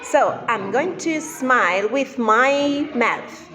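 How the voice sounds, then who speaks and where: A woman playing a cheerful white fluffy rabbit for children, in a slow, bouncy, sing-song voice. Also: high voice, exaggerated voice. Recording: reverberant room with steady noise.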